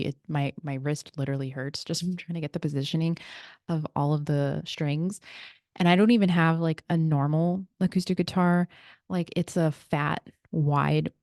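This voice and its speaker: A woman talks through her solo podcast in a relaxed, chatty way, explaining things with side comments and small laughs. Her voice sits a little low. The sound is dry and close to a computer mic. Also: no room sound. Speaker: podcast host and breathwork practitioner. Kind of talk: casual solo podcast talk.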